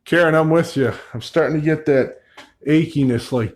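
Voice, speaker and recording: A man investigating an old store at night, narrating to camera and calling out to spirits, swinging from loud calls to hushed asides. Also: fairly high pitch, normal speed. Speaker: paranormal investigator. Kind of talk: solo ghost-hunting vlog narration.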